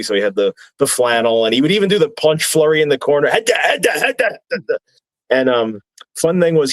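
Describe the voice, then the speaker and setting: Rambling wrestler telling stories. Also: male voice, medium pitch, no room sound. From New Jersey. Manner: rambling, chuckling anecdotes. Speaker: wrestler guest. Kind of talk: casual podcast storytelling.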